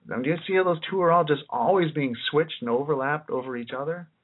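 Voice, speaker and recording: In a slightly high voice at a quick pace, a man rambles through a lecture as an independent researcher. He muses out loud, often repeating and restarting phrases, and the recording sounds tinny and lo-fi.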